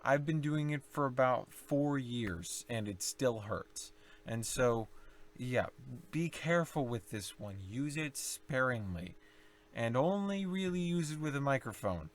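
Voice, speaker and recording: A young man explaining low singing techniques in a casual tutorial, rambling and self-correcting as he demonstrates growls and vocal fry. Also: expressive, unhurried. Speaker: singing teacher.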